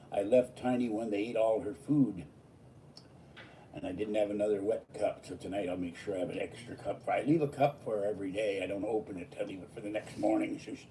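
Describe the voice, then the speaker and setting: Tired man, low mellow voice, rambling vlog chat, distant mic with faint background. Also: slight background noise. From Pittsburgh, USA. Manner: digressive, jumping from topic to topic. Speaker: vlogger. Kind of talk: casual rambling monologue.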